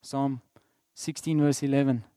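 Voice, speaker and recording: Emphatic South African preacher, dry sound. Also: male voice, mid-range voice, fairly even intonation, unhurried, clean tone, dry recording. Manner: emphatic preacher, swings between loud declarations and soft asides. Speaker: pastor. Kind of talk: sermon.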